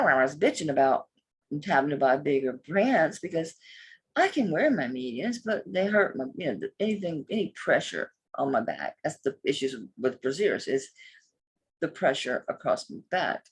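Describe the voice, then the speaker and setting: A middle-aged woman with a husky, breathy voice talks through a casual online jewelry sale. She is blunt and swears freely, and her deep voice swings widely up and down as she chats. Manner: chatty, blunt, cusses freely. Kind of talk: casual live sales chat.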